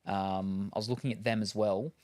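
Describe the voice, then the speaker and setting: A man's voice: on the low side, steady tone, normal speed, darkish tone. A man chatting casually while unboxing gear, rambling with lots of ums and asides. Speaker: streamer.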